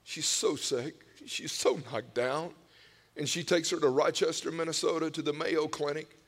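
A man preaching a sermon, telling personal stories with emotional swings from hushed whispers to loud cries. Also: fairly high pitch, steady tone, moderate pace. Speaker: pastor. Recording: long hall reverb.

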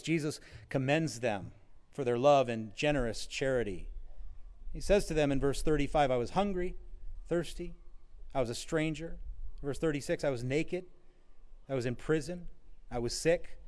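A man preaching an earnest sermon on scripture, rising and falling in loudness for emphasis, with an occasional wry joke. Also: on the high side.

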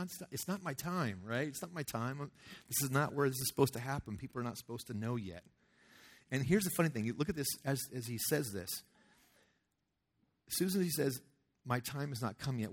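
A man preaching a casual sermon as a youth pastor, talking conversationally and acting out quoted voices. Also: mid-range voice.

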